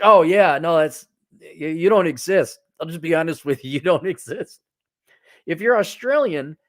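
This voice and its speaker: Blunt sarcastic man on a livestream. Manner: blunt, sarcastic, swears freely; lively swings in pitch and loudness. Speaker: livestream host reading viewer donations. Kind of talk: casual livestream commentary.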